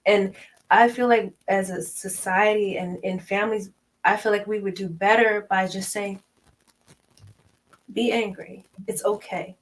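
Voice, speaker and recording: A woman's voice: mid-range voice, measured pace, rough recording. A woman in her thirties in a casual chat, talking animatedly and acting out quoted voices. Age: 30s. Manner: animated, acts out quoted voices, laughs often. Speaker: podcast co-host.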